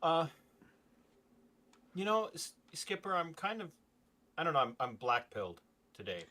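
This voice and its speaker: A man's voice: on the high side, very animated, unhurried, pushed and bright. A man co-hosting a talk show, speaking with passion and hard emphasis, his voice climbing when he gets worked up. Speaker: co-host. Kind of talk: podcast talk, impassioned rant.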